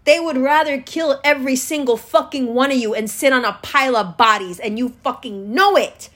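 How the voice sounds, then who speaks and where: High-voiced woman ranting with profanity. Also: normal speed, a bit bright. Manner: profane, scornful, lecturing the viewer directly. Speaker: political commentator. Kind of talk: angry political rant to camera.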